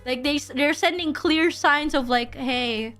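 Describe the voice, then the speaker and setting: A young woman chats casually on her stream, her voice pitched a little high. She rambles, restarts her sentences and pokes fun at herself. Faint music plays softly underneath. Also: normal speed. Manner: rambling, many restarts and self-deprecating asides. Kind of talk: casual livestream chat.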